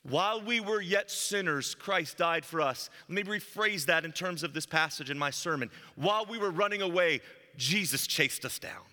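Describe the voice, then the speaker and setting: A man preaching a sermon as pastor, telling a story and moving between loud emphasis and hushed, low lines. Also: normal speed. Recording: long hall reverb.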